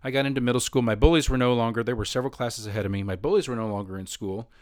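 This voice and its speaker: A man's voice: mid-range voice, rapid-fire, no echo, clean studio sound. A man who teaches middle school choir, casually telling personal stories with frequent restarts and self-corrections. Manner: rambling, self-correcting, animated when quoting others. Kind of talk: personal storytelling.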